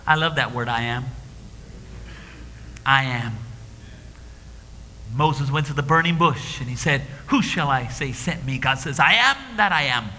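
A man preaching a sermon, swinging between hushed whispers and shouted declarations, recorded live in a church. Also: mid-range voice, animated, measured pace, long pauses, a little hiss or hum. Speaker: pastor. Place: church sanctuary. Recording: live church stream with long hall reverb.

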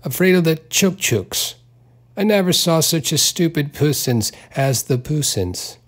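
Man reading mild man talking to his cat, gentle, coaxing, teasing, slow, slightly raised pitch, audiobook. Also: lively intonation.

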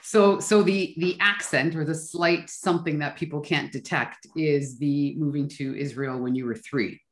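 A woman's voice: low-pitched, steady tone, moderate pace, roomy sound, slight background noise. A woman interviewing a podcast guest in a casual conversation, laughing easily as she asks questions.

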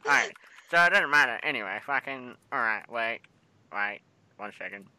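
A young Australian man with a mid-range voice hosts a joking mock interview over game voice chat, swearing nonstop and rambling between questions. His delivery is bright and forceful, with lively intonation at a normal speed, and a little hiss or hum sits under the audio. He's a gaming video host, crude and teasing throughout.

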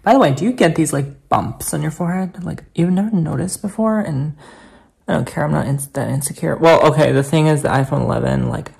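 Chatty man with vocal fry. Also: a little high, brisk, darkish tone. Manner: chatty, playful and theatrical. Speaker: vlogger. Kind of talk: casual vlog chat.

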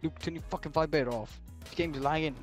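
A man's voice: fairly high pitch, fast talker, soft background music. A young man in online game voice chat, swearing nonstop and ranting insults at other players over a headset. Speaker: gamer.

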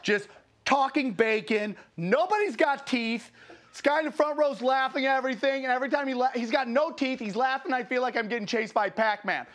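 A male stand-up comedian telling a crude, animated anecdote in an interview. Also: very high voice, fairly quick. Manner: crude, animated, acts out voices.

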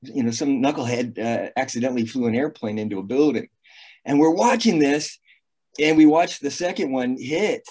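A man's voice: mid-range voice, moderate pace, a little mellow, husky. A man in his sixties, a retired navy officer, telling a story in an interview with many fillers and restarts. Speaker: guest.

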